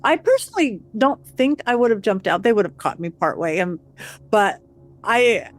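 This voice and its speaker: A woman telling a story as a guest, acting out the quoted voices with lively changes. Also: medium pitch, moderate pace. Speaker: guest psychic medium. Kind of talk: animated storytelling.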